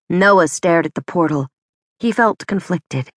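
A woman narrating a children's adventure audiobook in clear, measured storytelling. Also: lowish voice, lively intonation, no echo, clean studio sound. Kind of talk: scripted narration.

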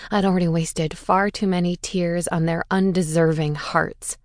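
A woman's voice: on the low side, steady tone, normal speed, dry recording, clean studio sound. A woman reading a first-person audiobook with an intense, bitter, dramatic delivery. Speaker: audiobook narrator.

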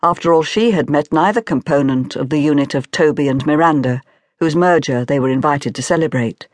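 A woman's voice: low-pitched, fairly quick, no room sound. Dry, close woman narrating an audiobook.

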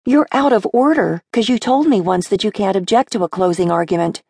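A woman voicing a blunt, sharp-tongued seventeen-year-old girl in a brisk, scolding manner. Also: mid-range voice, gravelly, husky, no echo, studio quality, pitched above the performer's own voice. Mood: wry.

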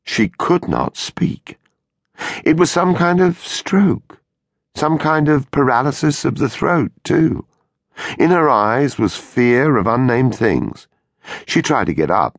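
Male thriller narrator: very deep, lively melody, dry studio sound, measured and suspenseful. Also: vocal fry, no echo. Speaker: audiobook narrator. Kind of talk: scripted audiobook narration. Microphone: close studio mic.

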